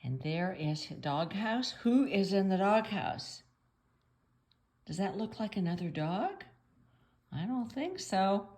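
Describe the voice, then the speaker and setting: A woman reading a picture book aloud at home for children, playful and chatty, pausing to ask the listener questions. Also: mid-range voice, sing-song, darkish tone.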